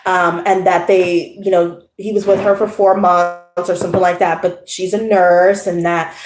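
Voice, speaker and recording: A woman hosting her channel, telling a casual story to a live audience, animated and laughing, full of profanity and slang. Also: lowish voice, normal speed, reverberant. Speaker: tarot channel host.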